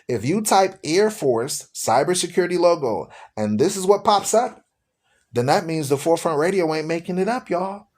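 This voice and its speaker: A man hosting a live-streamed religious talk show, speaking to his listeners in a preachy, repetitive way. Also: a little high. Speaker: radio show host.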